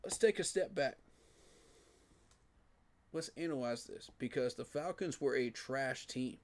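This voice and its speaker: A man's voice: medium pitch, measured pace. A man giving a frustrated, emphatic postgame reaction rant, repeating his points for emphasis. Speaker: sports fan commentator.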